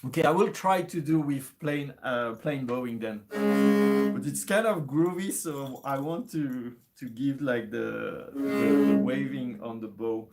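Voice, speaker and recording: A man's voice: mid-range voice, unhurried. A man giving a casual music lesson, thinking aloud, hesitating and restarting with many fillers. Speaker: music teacher.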